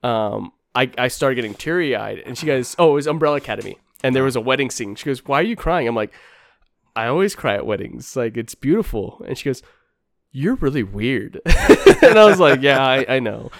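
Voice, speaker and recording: Male podcast host, mid-range voice, chatty and animated storyteller, close dry mic. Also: mid-range voice, a little fast, gravelly, dry recording. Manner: animated storyteller, acts out quotes. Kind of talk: casual chat.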